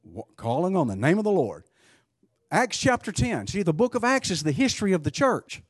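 A man's voice: high-pitched, big pitch swings, a little fast, husky, dry recording, studio quality. A man preaching a sermon, emphatic, asking rhetorical questions and often restarting his sentences.

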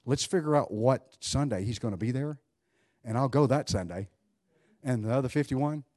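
A male pastor delivering a sermon, his mid-range voice rising into loud bursts and dropping to near-hushed asides. He talks to the congregation conversationally, with joking remarks along the way. The sound is dry and close, with little room echo. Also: mid-range voice, normal speed. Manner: animated preaching with sudden swings between loud and hushed.

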